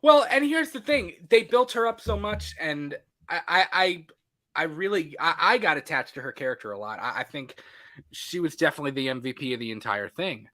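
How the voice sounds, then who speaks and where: Male podcast co-host, fairly high voice, animated casual review chat. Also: brisk. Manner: animated, excitable, acts out reactions.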